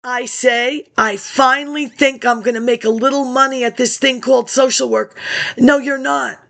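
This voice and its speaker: High, gravelly-voiced woman rambling. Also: fairly even intonation, normal speed, a bit bright. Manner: scattered, talks back to herself in asides. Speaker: vlogger reading old archive documents. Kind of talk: rambling monologue. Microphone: laptop webcam.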